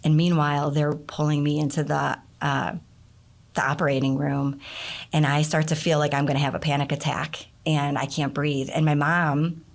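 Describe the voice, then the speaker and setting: A middle-aged woman, a guest in an interview, telling a personal story in a casual, animated way, her voice leaping up when she acts out what people said. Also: sits low, normal speed, vocal fry. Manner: animated storyteller, voice jumps up for quoted outbursts. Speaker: interview guest, nonprofit founder.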